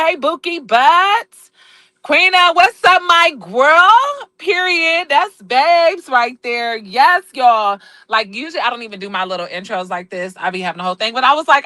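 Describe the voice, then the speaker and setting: Woman on a phone live, aave, sassy and swearing, bright sharp voice, pitched a bit high. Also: no echo. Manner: sassy, blunt, swears freely, laughs often. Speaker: live-stream host. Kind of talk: casual live-stream chat.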